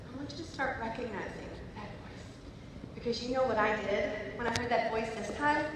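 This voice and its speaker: A woman in her thirties giving an emphatic motivational speech at a conference, moving between loud declarations and soft, quiet passages. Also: a little high, moderate pace, background noise. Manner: emphatic, swings from shouting to soft. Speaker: conference speaker. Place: large conference hall. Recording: echoey hall, voice from far off.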